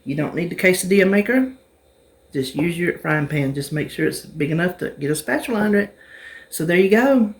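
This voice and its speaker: A woman's voice: lowish voice, animated, fairly quick. Chatty woman cooking on camera. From North Carolina, US. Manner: chatty, homey, talks the viewer through each step. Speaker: cooking vlogger. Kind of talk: casual cooking demonstration.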